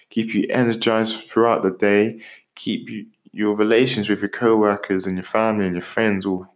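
A man from Britain hosting a motivational podcast, talking straight to the listener in an animated, jokey way. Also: fairly low pitch. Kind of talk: upbeat motivational talk.

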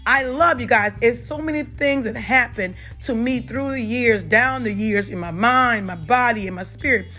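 Southern woman, middle-aged, chatty health talk, somewhat high voice, faint music behind. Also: normal speed, few pauses, sharp tone. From South Carolina. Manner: chatty, repeats "you guys" and "y'all", many fillers. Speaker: holistic health talk host. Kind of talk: unedited casual health and faith talk.

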